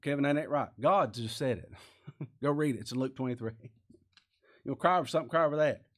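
A man's voice: medium pitch, fairly quick. A man preaching a sermon, earnest and emphatic, with many rhetorical questions.

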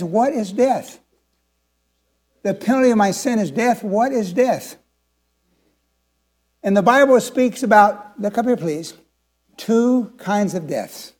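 A seventy-year-old pastor preaching a sermon in a notably high-pitched voice. He asks the congregation questions and swings from hushed, confiding moments to emphatic declarations. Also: animated, a little slow, long pauses. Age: 70s.

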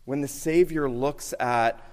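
A man preaching a sermon, moving between loud emphatic lines and hushed, slowed passages. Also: mid-range voice. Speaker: pastor. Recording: hall reverb, sermon in a church.

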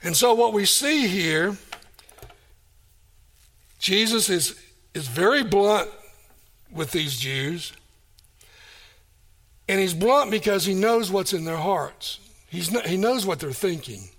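A man delivers a sermon in a high voice, taking his time over each phrase. He reads scripture passages aloud, then returns to them and repeats the key lines for emphasis. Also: fairly bright tone. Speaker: preacher.

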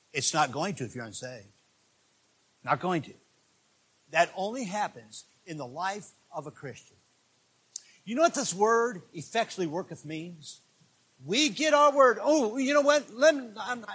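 A man preaching a sermon as pastor, animated, joking with the congregation and shouting with excitement. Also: high voice, moderate pace, husky.

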